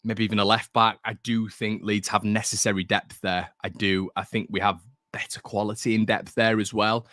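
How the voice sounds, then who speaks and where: Young male stream host, low and bright voice, dry close sound, casual and opinionated. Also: little pitch movement, moderate pace, dry recording. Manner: chatty, reads out viewer comments, opinionated. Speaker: fan channel host. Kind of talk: casual live-stream chat.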